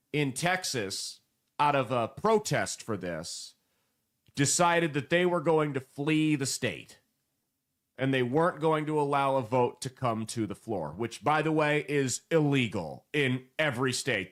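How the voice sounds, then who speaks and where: A man hosting a political commentary show, animated and sarcastic, mocking the people he quotes. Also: on the high side. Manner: animated, sarcastic, mocking voices when quoting.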